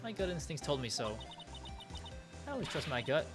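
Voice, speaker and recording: A man's voice: a little high, big pitch swings, moderate pace. A man voicing a brash young female tabloid reporter with a put-on Southern drawl. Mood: pushy. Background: game music.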